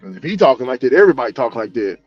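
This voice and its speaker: A man's voice: mid-range voice, sing-song, rapid-fire, no echo, highs cut off, faint music behind. A man vlogging as a delivery driver, chatting casually and telling loose, profane stories with frequent laughs. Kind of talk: casual chat.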